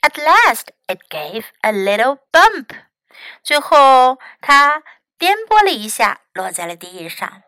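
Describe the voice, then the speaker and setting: A woman English teacher reading a children's story aloud in a slow, clear, gentle way. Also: high-pitched, very animated, no room sound, poor audio.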